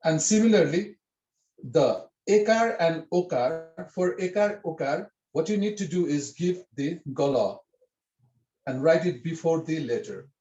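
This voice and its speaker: A man's voice: on the high side, lively intonation, unhurried, warm tone, echoey room, dull audio. A man teaching a writing script in an online lesson, explaining patiently and repeating himself with many fillers over a video call.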